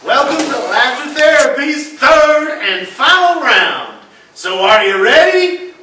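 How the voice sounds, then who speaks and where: A man telling a joke story in a theatrical, animated way, breaking into laughs. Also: very high-pitched, takes it slowly, very noisy. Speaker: joke teller on laughter therapy recording. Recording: roomy sound from a distant mic.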